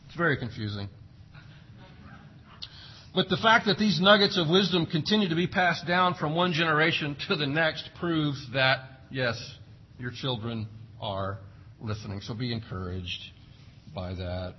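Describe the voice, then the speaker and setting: A man's voice: on the high side, a little slow, long pauses, husky, lo-fi sound. A man preaching a sermon as pastor, emphatic and full of rhetorical questions. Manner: emphatic, rhetorical questions, acts out parents' sayings.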